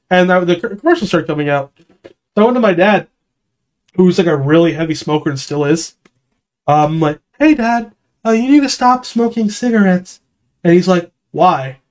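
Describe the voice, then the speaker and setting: High-voiced man telling rowdy stories. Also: moderate pace, pauses often. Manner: animated, breaks into funny voices and laughs; swears freely, rambling storyteller. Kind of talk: casual chat.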